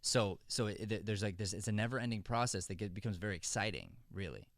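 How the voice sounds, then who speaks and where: Earnest low-voiced man coaching actors. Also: lively intonation, fast, no room sound, clean studio sound. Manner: earnest, rambling, with many restarts. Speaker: acting coach and podcast host. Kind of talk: casual podcast chat.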